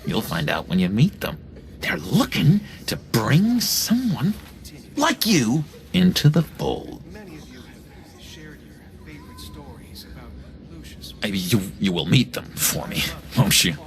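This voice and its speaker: Clingy unstable ex-inmate, slow drawl, wild pitch swings, game voice. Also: male voice, creaky, exaggerated voice. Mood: eager. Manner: erratic, whispery, swings from pleading to threatening. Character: unstable, clingy man, ex-asylum inmate with sudden menace. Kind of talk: video game voice acting.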